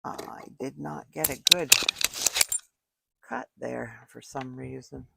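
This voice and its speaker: Gravelly-voiced older woman crafting. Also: rumbling low, steady tone, slow, very noisy. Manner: chatty, thinking aloud while working. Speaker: card-making crafter. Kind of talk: casual crafting tutorial. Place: home craft room. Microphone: desk microphone.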